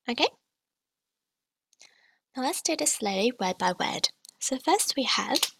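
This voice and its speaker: A woman gives a beginner language lesson, speaking slowly and carefully as she models each sound for the learner. Her voice is soft and a little breathy. The recording is dry and close. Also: sits high, big pitch swings, dry recording, rough recording. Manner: clear, careful modelling of tones, slow repetitions. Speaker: language teacher.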